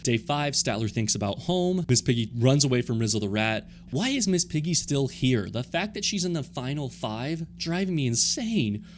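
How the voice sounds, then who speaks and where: A man hosting his channel, reading out simulation results in casual commentary and reacting loudly with sudden shouts. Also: mid-range voice. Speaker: channel host.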